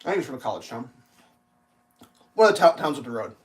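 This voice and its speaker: A man's voice: medium pitch, big pitch swings, quick pace, slightly rough. A man casually rambling through a story on a live stream, swearing freely and acting out what others said in a raised voice. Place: home kitchen while cooking.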